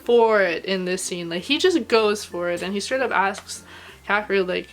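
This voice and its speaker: A woman recording a casual video review, chatty and gushing, filling her talk with "like" and letting her pitch climb when she gets emotional. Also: moderate pace, slight background noise. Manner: chatty and gushing, heavy use of "like". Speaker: anime reviewer.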